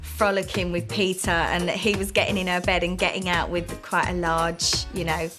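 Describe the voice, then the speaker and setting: Gossipy low-voiced woman. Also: flat delivery, moderate pace, over music. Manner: gossipy and giggly. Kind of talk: talking-head commentary.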